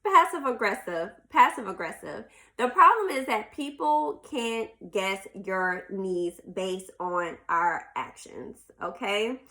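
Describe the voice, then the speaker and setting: A woman's voice: mid-range voice, expressive, slow, sharp tone. A woman hosts a podcast in a casual chat, reading passages from a self-help book aloud and talking to listeners as y'all. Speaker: podcast host.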